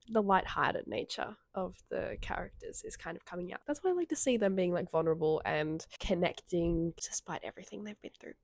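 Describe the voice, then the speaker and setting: Woman, sniffly cold, chatty rambling vlog, lowish pitch, dry close sound. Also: creaky, darkish tone, dry recording. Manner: chatty, rambling, frequent "like" fillers. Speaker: book vlogger. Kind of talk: casual reading vlog chat. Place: in bed at home.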